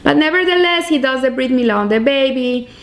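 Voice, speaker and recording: A woman's voice: sits high, animated, a little fast, a little hiss or hum. Earnest woman giving a Torah sermon. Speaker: Torah teacher. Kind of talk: weekly Torah portion sermon.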